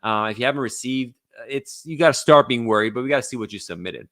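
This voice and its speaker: A man's voice: mid-range voice, quick pace, fairly bright tone, dry recording, studio quality. A man answering viewer questions live as an immigration lawyer, reading them out and replying in a casual, blunt way. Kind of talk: live Q&A stream.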